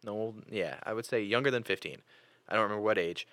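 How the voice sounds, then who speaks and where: Young man, podcast host, casual chat, animated storyteller, lowish voice, bright forceful tone. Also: quick pace, dry recording. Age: young adult. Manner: animated storyteller, many fillers and restarts.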